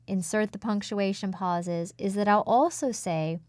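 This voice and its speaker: A woman speech coach in an interview, explaining speaking technique in a measured, instructive way. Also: medium pitch, a little mellow, clean tone, no room sound, clean studio sound.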